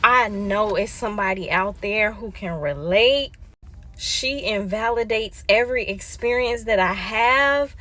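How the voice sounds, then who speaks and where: A woman's voice: mid-range voice, measured pace, sharp tone. A woman telling a personal family story in casual talk, emphatic and insistent.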